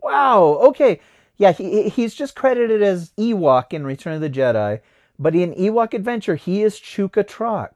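A man hosting a casual podcast chat, his pitch rising and falling a lot as he talks. He reads names off a list and looks things up, keeping the talk easygoing. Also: sing-song, normal speed, darkish tone. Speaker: podcast host.

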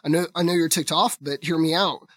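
A man's voice: on the high side, fairly even intonation, brisk, a bit bright, dry recording, clean studio sound, lightly acted. A man reading aloud the lines of a cold, vengeful male bounty hunter who speaks in a curt, threatening way. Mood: urgent.

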